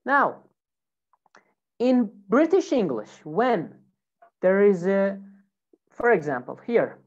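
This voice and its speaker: A woman's voice: mid-range voice, very animated, slow pace, dull audio. A woman teaching English pronunciation in a lesson, repeating example words over and over with exaggerated emphasis.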